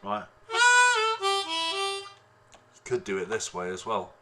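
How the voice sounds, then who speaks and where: A man's voice: low-pitched, takes it slowly, loud music behind the voice. Rambling man teaching harmonica online. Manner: relaxed, rambling explanations with many fillers. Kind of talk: online music lesson. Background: harmonica playing.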